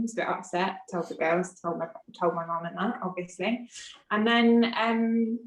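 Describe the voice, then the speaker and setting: A woman, a podcast guest telling a personal story frankly and animatedly. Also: lowish voice. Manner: animated, frank, acts out quoted dialogue. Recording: roomy echo.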